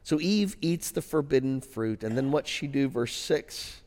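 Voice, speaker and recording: A man pastor preaching a sermon in a conversational way, with wry asides and quieter serious points. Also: medium pitch, lively intonation, unhurried, long reverb tail.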